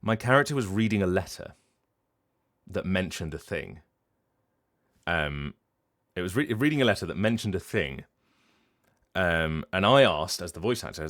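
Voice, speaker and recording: A man from Britain with a low voice talks on his live stream in a loose, rambling way. He works as a voice actor and chats with plenty of fillers and restarts. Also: lively intonation, moderate pace, fairly bright tone. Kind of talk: casual chat to a live stream. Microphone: streaming mic.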